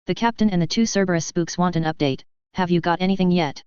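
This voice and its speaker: A woman's voice: on the low side, fast, a little mellow, smooth, no echo, lo-fi sound, close to an everyday voice. A woman voicing a laid-back, sarcastic male shock trooper with a casual, easygoing manner in a story reading.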